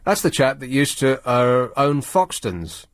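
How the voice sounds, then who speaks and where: A man's voice: medium pitch, very animated. Sardonic male radio host. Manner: sardonic, rambling, halting. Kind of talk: late-night talk radio monologue. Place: radio studio.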